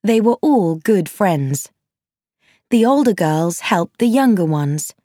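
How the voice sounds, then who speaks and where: A woman reads a simple storybook aloud, slowly and clearly. Her voice rises and falls in a lively way, and the recording is dry and close. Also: on the low side, no room sound. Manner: slow, clear and expressive. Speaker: narrator. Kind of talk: storybook narration for learners.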